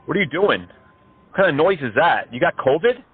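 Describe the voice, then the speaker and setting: High-voiced man taunting over a phone line. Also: big pitch swings, normal speed, husky, faint music behind. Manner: mocking, taunting, profane. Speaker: scam baiter. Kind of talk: prank phone call.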